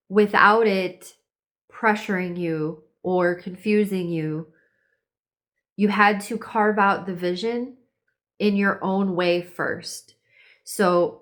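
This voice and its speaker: Woman, horoscope reader, casual and chatty, middle pitch, fillers galore. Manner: chatty, lots of "like", acts out quoted voices. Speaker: tarot and astrology reader. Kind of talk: casual spiritual reading.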